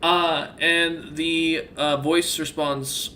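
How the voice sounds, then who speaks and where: A man's voice: mid-range voice, measured pace, pushed and bright, slight background noise. A man narrating a tabletop role-playing game as the game master, rambling through scenes with many restarts.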